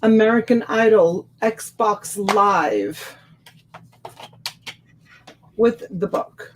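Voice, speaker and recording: A woman hosts a live sales stream, chatting casually and answering viewers' comments by name. She talks at an unhurried, drawn-out pace into a desk microphone. Her voice sits at an ordinary middle pitch. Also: a little hiss or hum. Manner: chatty and warm, greets viewers by name and laughs often. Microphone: USB desk microphone.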